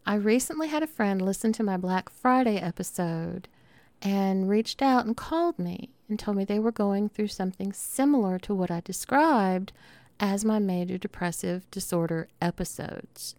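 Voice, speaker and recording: A middle-aged woman with a Southern drawl talks straight to her listeners in a loose, chatty podcast monologue. She rambles warmly, doubles back and restarts her sentences. Her voice sits in a middle register, and the recording is close and dry with no room sound. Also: medium pitch, normal speed, no room sound. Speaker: podcast host. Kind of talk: casual monologue.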